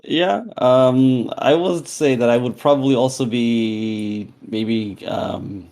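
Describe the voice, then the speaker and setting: A male tabletop player who speaks in a hesitant, meandering way, full of fillers. His pitch sits in a middle range. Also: slow, creaky, a little mellow. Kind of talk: casual tabletop play.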